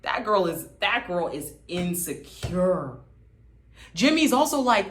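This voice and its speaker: A woman's voice: on the low side, sing-song, slow. A woman hosting a casual TV recap, talking in a sassy, gossipy, dramatic way. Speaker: host.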